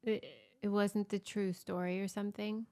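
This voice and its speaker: A woman co-hosts a podcast in easy, casual chat. She tells stories with wry asides, and her voice carries a gravelly, creaky edge at an ordinary pitch. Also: flat delivery, normal speed, darkish tone. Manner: chatty storyteller, wry asides. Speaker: podcast co-host.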